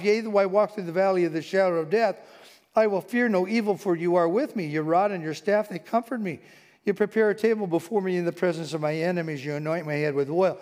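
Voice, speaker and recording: A man preaching a sermon, telling stories with strong emphasis that drops into hushed, quiet passages. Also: on the high side. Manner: animated storytelling, swings from loud emphasis to hushed tones. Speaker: pastor. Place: church sanctuary.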